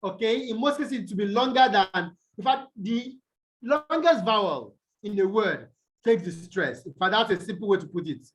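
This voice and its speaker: A man tutoring students over a video call, explaining slowly and quizzing them as he goes. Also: sits high, expressive. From Nigeria. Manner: slow, deliberate, quizzes students. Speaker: English tutor. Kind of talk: online tutorial lesson.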